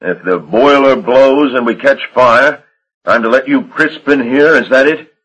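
A man voicing a hot-tempered, blunt riverboat captain who talks loud and gruff. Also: mid-range voice, unhurried, pitched above the performer's own voice, poor audio. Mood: indignant. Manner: gruff, blunt, raises his voice.

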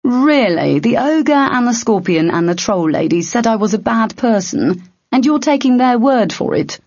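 Brief: woman reading as a cocky young man, defiant and wisecracking, a little raised in pitch, husky dull audiobook sound. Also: big pitch swings, moderate pace, darkish tone, dry recording. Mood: angry.

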